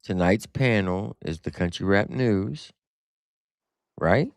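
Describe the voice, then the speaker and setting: A man's voice: lowish voice, slow pace, a little mellow, dry recording. A man hosting a livestream panel, talking in a profane, mocking and sarcastic way. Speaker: livestream host. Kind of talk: casual livestream panel talk.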